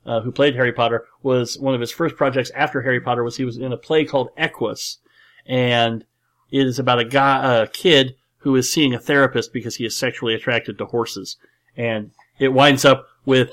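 A man's voice: mid-range voice, steady tone, normal speed, fairly bright tone. A man hosting a podcast, talking about a film in a rambling, emphatic way with many fillers and restarts. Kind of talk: casual movie discussion.

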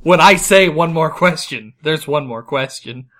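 A man's voice: fairly high pitch, unhurried, fairly bright tone. A man co-hosting a casual podcast, making teasing wisecracks. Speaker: podcast co-host.

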